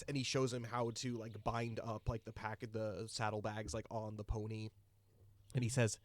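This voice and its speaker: A man running a tabletop game as game master, narrating loosely with lots of "uh"s and "like"s. His voice is on the low side and recorded dry and close, with no room echo. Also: normal speed. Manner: relaxed, many fillers.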